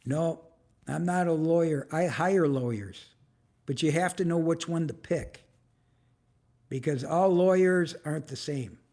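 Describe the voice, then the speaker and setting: A man in his seventies talks unhurriedly on a live stream, his voice slightly high for a man and rough with fry. He rambles, swears freely and calls out viewers in the chat by name, speaking into a camera on a tripod. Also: measured pace, darkish tone. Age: 70s. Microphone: phone or camera on a tripod.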